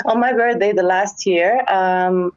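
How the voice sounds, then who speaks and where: Giggly woman on a muffled call. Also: mid-range voice. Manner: giggly, hesitant, storytelling. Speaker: caller. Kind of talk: casual phone-in chat.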